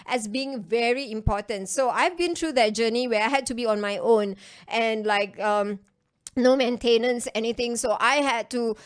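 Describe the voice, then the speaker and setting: High-voiced Singaporean woman coaching. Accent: Singaporean English. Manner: emphatic, chatty, repeats phrases for stress. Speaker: online business coach. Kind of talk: casual coaching talk to an online class.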